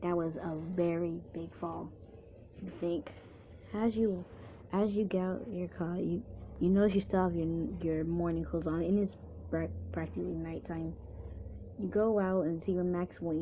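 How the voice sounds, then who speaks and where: A woman's voice: fairly low pitch, fairly even intonation, moderate pace, warm tone, a little hiss or hum. A woman narrating a second-person fan story casually, with restarts and chatty asides.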